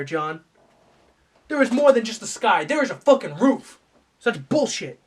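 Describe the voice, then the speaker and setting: A man doing a comedic rant, swearing and shifting from mumbled asides to mock-angry yelling. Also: sits high, big pitch swings, normal speed, long pauses.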